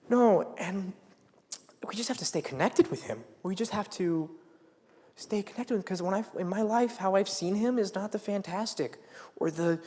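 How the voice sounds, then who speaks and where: A man's voice: sits high, normal speed, darkish tone. Young man preaching in an echoing hall. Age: young adult. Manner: conversational, drops to whispers for acted quotes. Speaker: student speaker. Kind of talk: casual youth sermon. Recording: reverberant hall, live stream.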